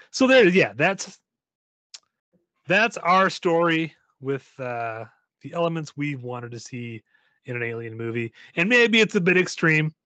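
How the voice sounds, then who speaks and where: A man's voice: on the high side, sing-song, takes it slowly, bright, forceful tone, no room sound. A man co-hosting a casual chat about movies, playful and joking, wrapping up the episode for listeners. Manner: playful, wraps up like a host. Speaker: podcast co-host.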